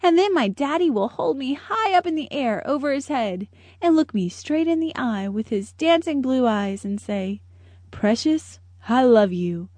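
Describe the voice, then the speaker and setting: Female narrator for a kids' audiobook; cheerful, lively, fairly high, dry studio read. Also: normal speed, dry recording. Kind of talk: children's storybook narration.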